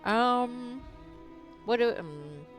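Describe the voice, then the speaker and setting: A woman's voice: on the high side, animated, extremely slow, soft background music. A woman streamer reading a visual novel aloud and chatting casually with her chat, swearing now and then. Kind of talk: casual live-stream game narration.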